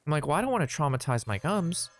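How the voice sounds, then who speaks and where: A man chatting casually while playing a card game, retelling an anecdote in an animated, rambling way. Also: a little high, fast talker, faint music behind. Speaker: gaming streamer. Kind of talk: casual gameplay commentary with storytelling.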